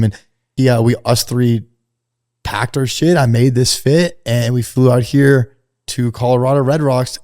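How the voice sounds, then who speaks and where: A man guest on a podcast, telling a story in casual, slangy talk and acting out the people he quotes in a raised voice. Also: medium pitch. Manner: animated, acts out quoted dialogue in a raised voice; laid-back slangy talk. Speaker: podcast guest, fashion brand founder. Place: host's glass studio.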